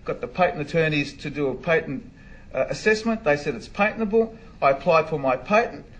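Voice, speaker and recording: A man, a barrister and inventor, telling an animated story in an interview, acting out the dialogue and laughing often. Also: a little high, fairly quick, rough recording.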